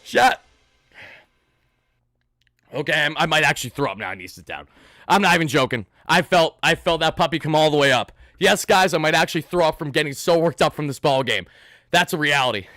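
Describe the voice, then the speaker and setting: A young man hosting an excited postgame livestream, worked up and sweaty, loudly thanking donors. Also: on the high side, a little fast, no room sound, clean studio sound. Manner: hyped, loud, shouting and thanking donors. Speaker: host of a fan live stream.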